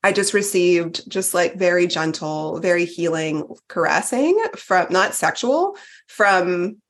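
Podcast guest: woman, 40s, low-ish voice, candid and chatty, lots of "like" and "um". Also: expressive, slow. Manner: candid, chatty, many fillers and restarts. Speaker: podcast guest, retreat participant. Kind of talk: casual podcast chat.

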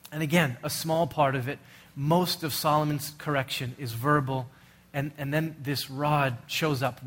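A man's voice: a little high, a bit bright. A middle-aged male pastor preaching a sermon in an earnest, urgent way, full of rhetorical questions.

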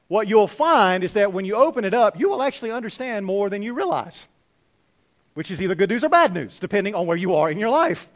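A man preaching a sermon as pastor, animated, swinging from loud urging to hushed, quiet lines. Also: sits high, a little fast.

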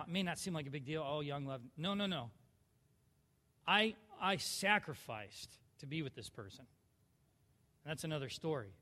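Brief: thirties man, high voice, church testimony in a reverberant hall, animated, hushed to loud. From southern California. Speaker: church speaker sharing testimony. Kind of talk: personal testimony sermon.

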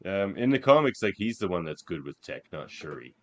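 A man's voice: sits low, sing-song, a little fast. A man co-hosting a casual podcast chat, reading out categories and laughing easily. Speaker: podcast co-host.

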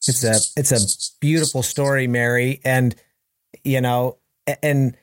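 A man's voice: mid-range voice, little pitch movement, dry recording. Enthusiastic male host, dry sound. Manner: warmly enthusiastic, halting with restarts. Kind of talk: casual conversation.

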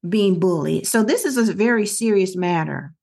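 A middle-aged woman co-hosts a casual podcast, her voice sitting at a medium pitch. She tells stories earnestly and acts out the other people's lines as she goes. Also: animated, normal speed, vocal fry, a little mellow. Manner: earnest storytelling with quoted dialogue. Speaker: podcast co-host.

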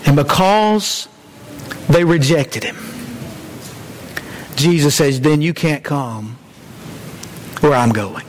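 A man preaching a sermon as pastor, earnest, dropping low and slow to stress key lines. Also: slight background noise.

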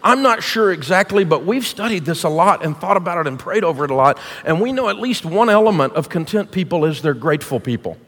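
A man's voice: fairly high pitch, a bit bright. A middle-aged man preaching as a guest speaker to a church congregation, folksy, punchy and jokey. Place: church auditorium. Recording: long reverb of a large hall.

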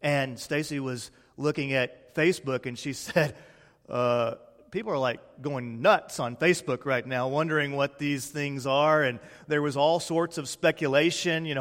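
A man's voice: fairly high pitch, long reverb tail. Man preaching. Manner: preaching with slow emphatic pauses, dropping to a hush at key lines. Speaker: pastor. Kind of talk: sermon.

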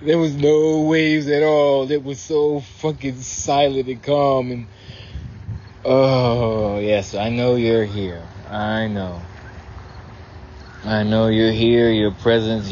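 A man's voice: fairly low pitch, level tone, slow, a little mellow, muffled recording, a little hiss or hum. A man on a pier by the water, teary and close to crying as he talks to a spirit in a profane, emotional prayer. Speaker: vlogger leading a prayer. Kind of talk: emotional outdoor prayer vlog.

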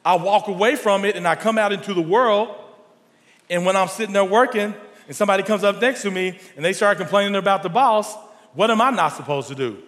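A man preaching a sermon to a congregation, animated and storytelling, his voice sometimes rising to near shouts. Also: sits high, a little fast. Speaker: pastor. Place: large church hall. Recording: long hall reverb.

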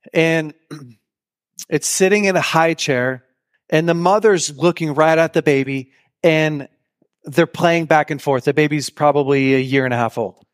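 Man preaching in a lively, storytelling voice. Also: a little high, clear, resonant tone. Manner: animated storyteller who acts out quoted lines; addresses listeners directly with questions. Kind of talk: sermon to a live audience.

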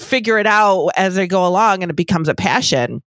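An animated middle-aged woman with a slightly low voice and a dry, close sound. She co-hosts a casual talk show as a lactation consultant and talks with lively exasperation and easy laughter. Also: brisk, no room sound, low-quality recording. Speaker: podcast co-host, lactation consultant. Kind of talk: casual chat.

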